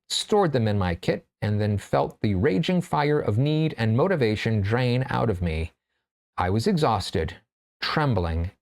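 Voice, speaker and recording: A man who reads a story aloud expressively, then hosts a relaxed, chatty writing class. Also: medium pitch. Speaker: writer and class host.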